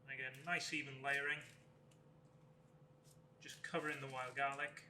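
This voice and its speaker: A man, a chef, talking through a cooking demonstration step by step in a relaxed way. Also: mid-range voice, moderate pace, roomy sound, a little hiss or hum. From Wales.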